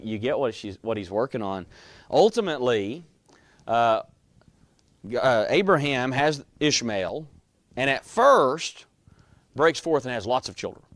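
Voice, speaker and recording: A man's voice: medium pitch, dry recording. A man teaching a Bible class in a conversational way, often quizzing his students.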